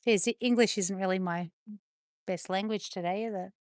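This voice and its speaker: A woman's voice: mid-range voice, fairly even intonation, normal speed, darkish tone. A middle-aged woman with an Australian accent, chatting casually with viewers and cooing affectionately at her dogs. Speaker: livestream host. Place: home with dogs, indoors.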